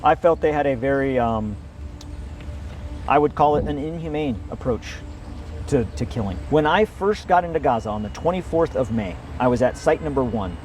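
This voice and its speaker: A man interviewed about his experiences, telling his account in a measured way. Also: mid-range voice, expressive, a little mellow, slight background noise. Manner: measured storyteller, quotes others. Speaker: interviewee recounting work experience.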